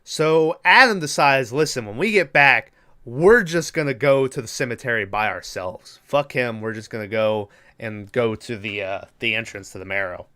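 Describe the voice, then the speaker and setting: A man co-hosting a podcast, casually retelling a movie plot with lots of swearing and quick impressions of the characters. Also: medium pitch, sharp tone, smooth. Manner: rambling, swears freely, acts out characters' lines. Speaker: podcast co-host. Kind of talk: casual movie recap chat.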